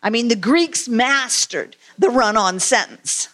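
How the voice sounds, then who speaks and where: A woman giving a conversational sermon, asking her listeners questions and reading scripture aloud, with frequent pauses and fillers. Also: on the high side, animated, fairly bright tone. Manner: conversational, asks the congregation questions; halting, many fillers. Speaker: preacher.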